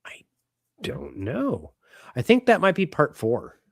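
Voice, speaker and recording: A middle-aged man co-hosting a podcast in casual chat, animated and quick to swear and laugh. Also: fairly high pitch, gravelly, no room sound, studio quality. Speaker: podcast co-host.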